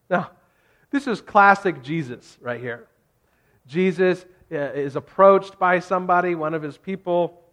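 Pastor with a slightly high voice, preaching casually. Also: male voice, unhurried, fairly bright tone. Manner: conversational, jokey, rising to emphatic. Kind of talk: sermon.

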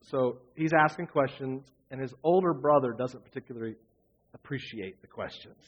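A man's voice: mid-range voice, normal speed, breathy edge, highs cut off. A man preaching a sermon in an earnest way, repeating phrases for emphasis. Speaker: pastor.

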